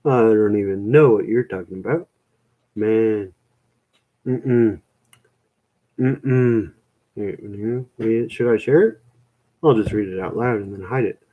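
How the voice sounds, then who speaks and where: A man's voice: fairly low pitch, takes it slowly, long pauses, warm tone, low-quality recording. A young man rambling in a casual chat with his viewers, self-mocking and full of "man" and "dude".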